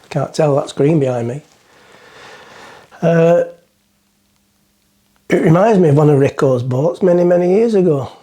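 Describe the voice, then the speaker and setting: Middle-aged bloke rambling on about a joke, mellow slightly high voice, talks to camera outdoors on a boat. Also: male voice, animated, measured pace, pauses often. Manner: rambling, self-mocking, chatty. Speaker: vlogger. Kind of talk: casual chat to camera, joke-telling.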